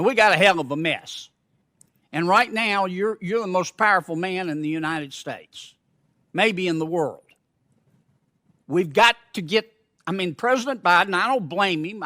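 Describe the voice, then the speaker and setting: A man's voice: high-pitched, bright, forceful tone. A man, a senator questioning a witness at a hearing, speaking in a blunt, folksy, rhetorical way into a desk microphone.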